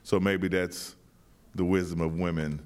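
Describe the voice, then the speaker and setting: Halting, low-voiced male playwright. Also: flat delivery, a little mellow. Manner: halting, many repeated starts, thoughtful. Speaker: playwright and director. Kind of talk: interview answers.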